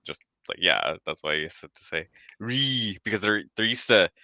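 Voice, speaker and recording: A man chatting casually in a group, lively and talkative, with lots of filler words. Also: sits low, fairly quick, creaky, no echo.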